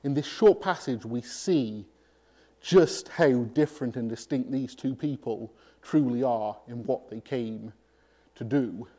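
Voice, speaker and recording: A man preaching a sermon, emphatic and pausing deliberately between phrases. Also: mid-range voice, warm tone.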